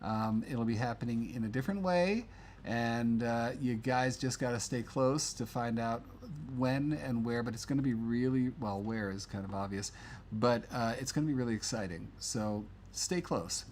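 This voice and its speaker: Chatty man hosting a live stream, rambling and casual, mid-pitched voice. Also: moderate pace, darkish tone, slight background noise. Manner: chatty, rambling, many fillers. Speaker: livestream host.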